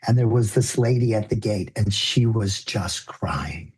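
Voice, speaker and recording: A man guesting on an interview show, telling a story in an earnest, conversational way with soft laughs. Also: on the low side, a little slow, breathy edge. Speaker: guest, illusionist and educator.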